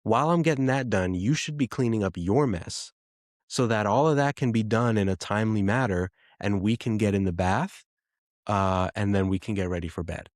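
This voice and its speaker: Rambling dad in his thirties, low and dry. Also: normal speed, dry recording. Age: 30s. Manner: rambling, self-correcting, quotes himself in a livelier voice. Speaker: podcast host. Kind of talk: casual storytelling monologue.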